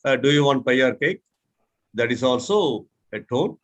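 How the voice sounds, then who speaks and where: Over a video call, a speech mentor with an Indian English accent leads an online mentoring session for a speaking class. He shows tones patiently by example in a mid-range, expressive voice at a normal pace.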